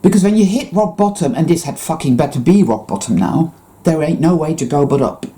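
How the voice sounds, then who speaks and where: A woman talks straight to her viewers in a rambling spiritual monologue. Her voice sits low and warm, with a very dark tone. Her pitch swings widely as she turns intense and sprinkles in curses. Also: lively intonation, a little fast. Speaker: spiritual vlogger.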